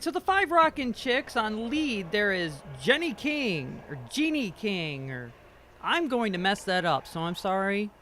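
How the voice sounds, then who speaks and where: Lively high-voiced male curling commentator. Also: slight background noise. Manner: joking, self-deprecating, stumbles over names. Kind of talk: amateur sports commentary. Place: curling rink.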